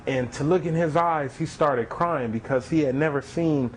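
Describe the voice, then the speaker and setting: A man tells his own testimony in an earnest, storytelling way, often repeating himself. His voice sits a bit higher than most men's. A faint hiss runs under the recording. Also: moderate pace, rough recording. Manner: earnest, repeats phrases, acts out quoted voices. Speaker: testimony speaker.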